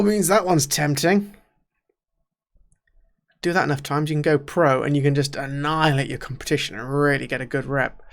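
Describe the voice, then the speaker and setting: A young man thinking aloud as he plays a management game, muttering to himself and often trailing off quietly. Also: fairly high pitch, gravelly. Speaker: gaming YouTuber. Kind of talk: casual let's-play commentary.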